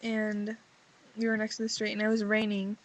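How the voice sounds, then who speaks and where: A woman's voice: medium pitch, completely flat delivery, moderate pace, poor audio. A teenage girl who is sick, reading her journal aloud and then chatting in a rambling way full of fillers. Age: teens. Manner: rambling, filler-heavy teen talk. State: sick, voice lower than usual. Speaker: vlogger. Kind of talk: reading a journal entry, then casual confessional chat.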